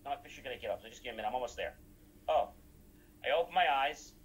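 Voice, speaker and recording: A man's voice: mid-range voice, animated, racing, husky, low-quality recording. A man recounting anecdotes in a casual talk, acting out the dialogue he quotes.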